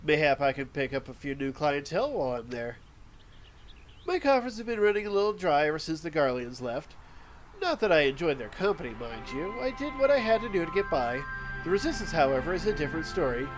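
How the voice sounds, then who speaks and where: A man's voice: a little high, very animated, a little fast. A man voicing a worldly, flirtatious woman of the night in a game, with a coy, teasing manner. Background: game music.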